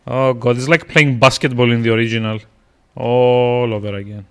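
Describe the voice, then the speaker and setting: A man's voice: mid-range voice, fairly even intonation, moderate pace, smooth. A man streaming a video game, rambling with lots of fillers and restarts as he plays. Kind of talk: casual gameplay commentary.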